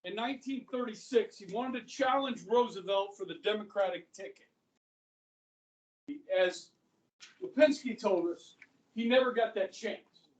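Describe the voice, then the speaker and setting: Saying "okay" again and again to check in with students, a male history teacher gives a casual lecture. His voice sits high and is a little mellow. Heard from a far mic in an echoey classroom, the audio sounds dull.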